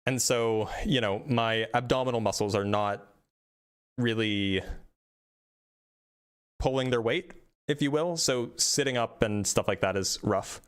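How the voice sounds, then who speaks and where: Fast and casual, this live debate stream host keeps restarting his sentences and making fun of himself. His voice is mid-range with a clean tone.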